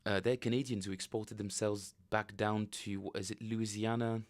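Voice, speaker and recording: A man's voice: on the low side, little pitch movement, moderate pace. A man casually chatting with viewers on a live stream, rambling and joking as he reads chat aloud. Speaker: bass player streaming practice.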